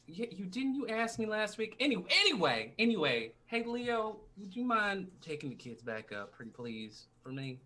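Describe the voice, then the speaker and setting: Man, tabletop player, playful, lively swooping voice, somewhat high. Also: normal speed, few pauses. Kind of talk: in-character tabletop play.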